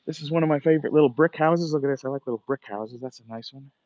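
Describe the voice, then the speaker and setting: A man's voice: fairly high pitch, fast, a little mellow, dry recording, muffled recording. A man, livestreaming as he walks outdoors by the water, talking casually, cursing often and ranting, a bit out of breath. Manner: profane, rambling, ranting.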